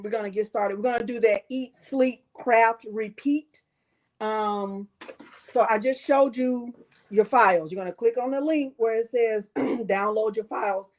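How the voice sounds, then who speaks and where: A woman's voice: fairly high pitch, a little mellow. A middle-aged woman hosting a live crafting stream, talking straight to her viewers, emotional and close to tears. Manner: emotional, teary, talks straight to viewers with "y'all". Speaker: craft channel host.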